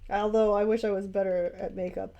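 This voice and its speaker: A woman's voice: medium pitch, little pitch movement, brisk, gravelly, dark tone, highs cut off. A young woman chatting casually while she paints, rambling with fillers and little laughs. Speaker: painting vlogger and art teacher. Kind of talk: casual paint-along chat.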